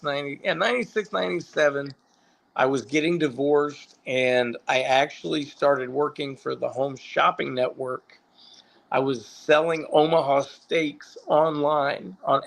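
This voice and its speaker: Casting: gravelly, fairly high-voiced middle-aged man, profane and rambling. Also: a bit bright. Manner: rambling, profane, self-correcting. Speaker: interview guest, former pro wrestler. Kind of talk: casual storytelling.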